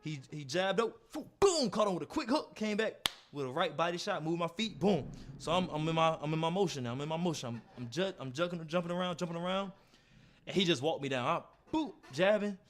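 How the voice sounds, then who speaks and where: A young man tells a story in an animated way. He laughs often and acts out punches with sound effects. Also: fairly high pitch, brisk, a little hiss or hum. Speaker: streamer.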